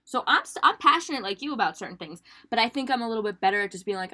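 Brief: podcast co-host woman, teasing, casual, slightly high voice. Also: expressive, very fast, pushed and bright. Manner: teasing, chatty, says "like" often. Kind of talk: casual chat.

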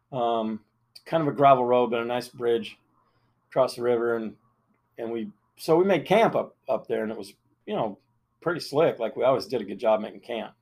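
A middle-aged man hosting a podcast, telling a long story in a rambling, casual way, full of fillers and restarts. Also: mid-range voice. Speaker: podcast host.

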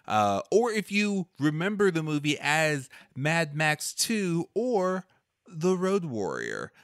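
A man's voice: a little high, wildly swooping pitch, slow pace, a bit bright, no room sound, studio quality. A man co-hosting a casual movie-review podcast, laughing often and hesitating with many ums and restarts. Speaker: podcast co-host.

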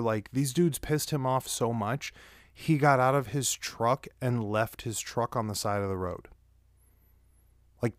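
A man's voice: medium pitch, dry recording, studio quality. A man telling rambling personal stories in a casual way, swearing often. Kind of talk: casual storytelling.

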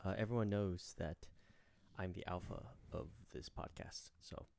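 A man's voice: sits low, unhurried, dark tone, dry recording. A man co-hosting a casual comedy podcast, bantering and joking with his friend. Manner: joking, shifts into a put-on gruff voice. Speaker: podcast co-host.

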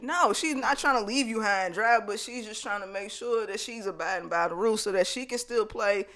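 A woman recapping a movie in casual chat, telling it bluntly with lots of swearing and animated storytelling. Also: medium pitch, brisk, few pauses.

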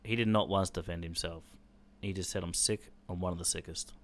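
A man's voice: deep voice, fairly even intonation, a little fast. An Australian man telling a personal story in an intense, blunt way, swearing freely.

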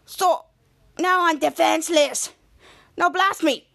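A woman voicing an excitable male inventor in a loud, playful way while recapping a TV episode. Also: extremely high pitch, slow pace, vocal fry, heavily acted.

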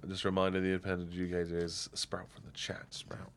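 A man's voice: low-pitched, monotone, fast talker, slight background noise. A man chatting casually at home as a podcast co-host, rambling and laughing as he acts out stories. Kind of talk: casual chat. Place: home, indoors.

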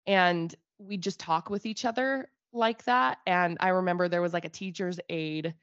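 A young woman from Utah chats casually as a podcast co-host, rambling and laughing at herself. Her voice sits on the low side. The recording is dry and a little muffled. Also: moderate pace, no room sound. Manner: rambling, animated, self-deprecating. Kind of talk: casual chat.

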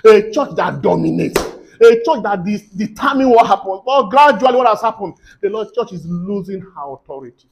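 High-voiced fervent male preacher. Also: lively intonation, moderate pace, creaky. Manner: fervent, swings from quiet teaching to loud declarations. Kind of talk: sermon.

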